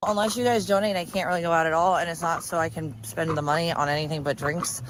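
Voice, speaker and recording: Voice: mid-range voice, steady tone, fast talker. A streamer rambling and complaining in casual livestream talk. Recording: noisy livestream clip.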